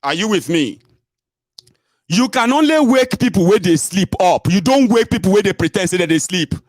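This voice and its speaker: A Nigerian man with a Yoruba accent hosting an online radio show, giving animated political commentary mixed with Pidgin. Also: sits high, moderate pace, no room sound, clean studio sound. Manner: animated, mixing Pidgin and Yoruba, stretching words for emphasis.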